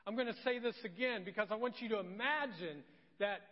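Pastor, male, earnest emphatic preacher, high-ish voice, long hall reverb. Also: brisk. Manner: earnest, emphatic, repeats key phrases. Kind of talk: sermon. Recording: dull sound with long church-hall reverb.

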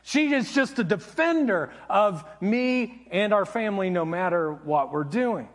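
A middle-aged male pastor with a fairly high voice preaches through a family anecdote. He talks in a conversational, animated way and slips in wry, self-mocking humor. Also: measured pace. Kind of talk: storytelling sermon.

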